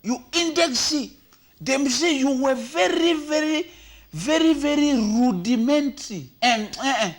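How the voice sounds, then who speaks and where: Animated high-voiced Cameroonian man. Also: a little slow. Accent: Cameroonian Pidgin English. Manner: animated, shouting, switching between languages. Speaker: comedy commentator. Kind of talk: comic commentary.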